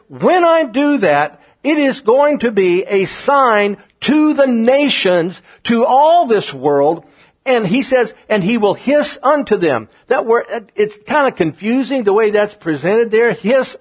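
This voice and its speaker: Fervent high-voiced husky male preacher. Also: highs cut off. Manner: fervent preaching with scripture reading and repetition. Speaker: pastor. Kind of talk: sermon.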